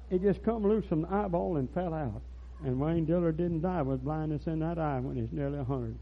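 Older man preaching, husky, folksy storyteller, pitched a bit high, dull lo-fi recording. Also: fairly quick. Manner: folksy storytelling, rising to loud preaching bursts. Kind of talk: rural revival sermon.

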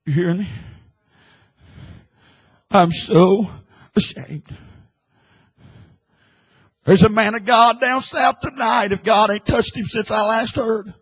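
A man preaching an impassioned sermon, swinging from hushed, quiet lines to loud, shouted ones. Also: high-pitched, slow, pauses often, husky, poor audio.

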